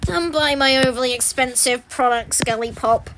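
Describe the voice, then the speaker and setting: A woman voicing a sly male merchant who coaxes people to buy overpriced goods, stretching out his pitch. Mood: coaxing. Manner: coaxing, drawn-out sales pitch. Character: sly male merchant peddling pricey wares. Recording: noisy background with clicks.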